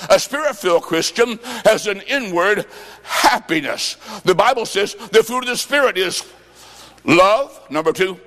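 High-ish preacher guy shouting a revival sermon, echoey hall. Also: animated, measured pace. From Illinois, United States. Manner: fervent, shouting, storytelling with quoted dialogue. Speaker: evangelist preacher.

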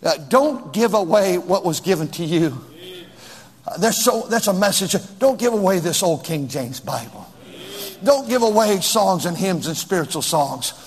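A man's voice: sits high, lively intonation, normal speed, breathy edge, big-room sound. A male preacher delivering a sermon, emphatic and repetitive, reading scripture and scolding his listeners.

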